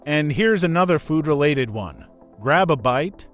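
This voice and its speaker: A man's voice: a little high, lively intonation, unhurried, fairly bright tone, soft background music. A man co-hosting a scripted English lesson podcast, upbeat as he introduces each new slang phrase. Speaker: co-host and English teacher.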